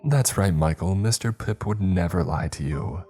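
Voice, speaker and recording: A creepy clown spirit in a children's horror story, chirping in a high sing-song voice and talking about himself by name, put on by a man narrating. The cheer sits on top of something menacing. Faint music plays under the voice. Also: lively intonation, moderate pace, mellow, breathy edge. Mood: cheery.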